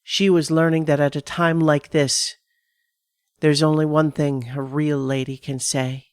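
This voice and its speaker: Slow, dry-voiced woman narrating horror. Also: deep voice, flat delivery, darkish tone, clear, resonant tone, no room sound. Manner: measured, dramatic first-person reading. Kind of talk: scripted horror story narration.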